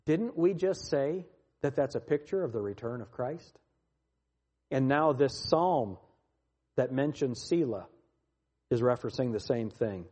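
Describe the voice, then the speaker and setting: A man preaching a Bible teaching sermon, reading scripture aloud with rising emphasis and dropping his voice low on each Selah. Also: expressive, moderate pace, darkish tone, slightly rough.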